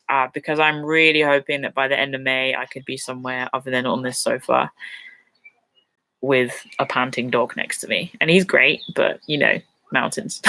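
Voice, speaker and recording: A woman's voice: low voice, sharp tone, no room sound. A woman hosting a casual live viewer Q&A from her sofa at home. She talks in a rambling way, with fillers and restarts, and she is openly emotional and laughs easily. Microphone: computer mic on a livestream.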